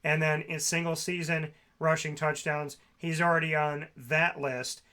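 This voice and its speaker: A man's voice: fairly high pitch, flat delivery, unhurried, pushed and bright. A man co-hosting a sports talk show, reeling off stats and player names in long runs. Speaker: co-host.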